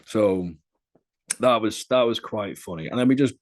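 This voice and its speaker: A young man talking casually as a podcast guest, telling stories in a lively, chatty way. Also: on the low side, normal speed. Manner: lively, chatty storyteller, often laughing. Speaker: interviewee.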